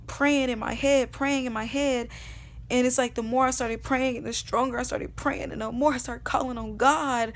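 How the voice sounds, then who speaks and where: A young woman vlogging, telling a personal testimony in an earnest, emotional way, repeating phrases and sometimes dropping to a hush. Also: on the high side. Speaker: vlogger sharing her testimony. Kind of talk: personal storytelling.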